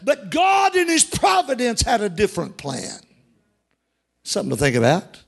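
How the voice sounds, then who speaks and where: High gravelly preacher man. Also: wildly swooping pitch, normal speed. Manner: emphatic, call-and-response preaching that rises to shouts. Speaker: pastor. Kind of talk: sermon.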